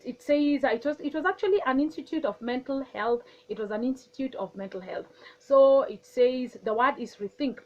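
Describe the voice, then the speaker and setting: Woman host, fairly high voice, repeats herself, teaching tone, dull lo-fi sound. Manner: repeats phrases, restarts often. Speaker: wellness talk host. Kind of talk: teaching talk to camera.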